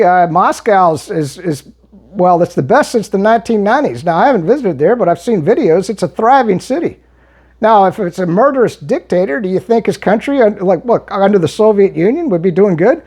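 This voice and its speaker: A man answers his viewers in a heated, argumentative monologue. His pitch swings up and down animatedly, and he often stumbles and restarts mid-sentence. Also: darkish tone, slightly rough. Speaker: political commentary vlogger. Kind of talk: monologue reading and replying to viewer comments.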